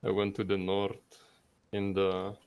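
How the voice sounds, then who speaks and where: A secretive stranger from the Russian Empire, played by a man, with a put-on Russian accent and a very deep, gravelly, flat voice. He answers curtly and keeps his business to himself in a game role-play. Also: measured pace, highs cut off. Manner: curt, guarded.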